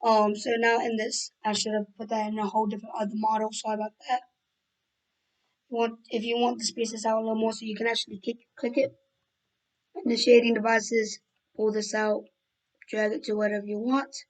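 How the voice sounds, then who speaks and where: A young woman with a hoarse voice she is losing, talking through a screen-recorded tutorial and rambling with fillers and self-corrections. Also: fairly high pitch, flat delivery, brisk, poor audio. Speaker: game development tutorial maker.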